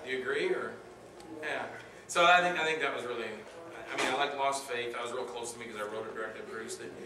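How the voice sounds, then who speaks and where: A man answering audience questions at a convention panel, telling animated stories and acting out the dialogue with loud outbursts. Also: medium pitch, a little fast. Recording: roomy hall, distant mic, noisy.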